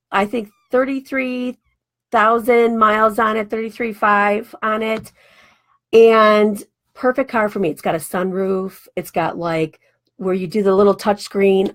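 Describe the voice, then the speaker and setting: A talkative woman in her forties hosts her own radio show, spinning a casual personal story. Her voice sits a little high, and she slips into quick acted-out snippets of conversation as she goes. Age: 40s. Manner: chatty, animated, acts out quoted dialogue. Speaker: radio show host and life coach.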